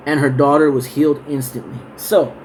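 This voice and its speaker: Male Bible teacher, slightly higher voice, unhurried verse reading, relaxed chatty explanation. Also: a little hiss or hum, low-quality recording. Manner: reads verses slowly, then explains in loose conversational asides. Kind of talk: scripture reading and casual Bible study talk.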